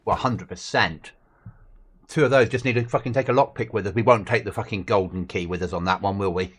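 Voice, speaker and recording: A man's voice: fairly low pitch, a little fast. A man chatting casually and swearing while livestreaming a survival game with friends. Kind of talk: casual gaming chat.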